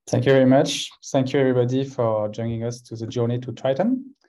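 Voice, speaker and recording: A man's voice: mid-range voice, steady tone, fast talker, warm tone. A man with a French accent presenting a science talk over a video call, with frequent hesitations. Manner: hesitant, many uhs between phrases. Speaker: guest scientist.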